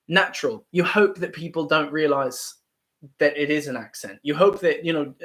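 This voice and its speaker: Talkative Midwestern American man, slightly high voice. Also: fairly bright tone. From Ohio, United States. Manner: thoughtful, rambling with many restarts. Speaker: YouTube livestream host. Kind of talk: casual livestream chat.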